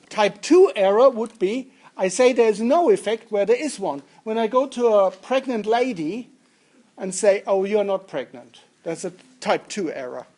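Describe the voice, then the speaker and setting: Guy lecturing a class, slow and unhurried, cracks jokes, keeps asking the students stuff. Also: sits high, a little mellow. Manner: jokey and interactive, questions the students. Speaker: university lecturer. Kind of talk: lecturing on statistics.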